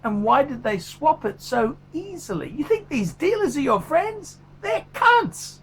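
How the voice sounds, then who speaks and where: A man's voice: extremely high pitch, big pitch swings, moderate pace, voice pushed up, heavily acted. A man voicing a furious, foul-mouthed male watch reviewer who swears constantly in a paid review rant. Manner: swears constantly, ranting, blunt.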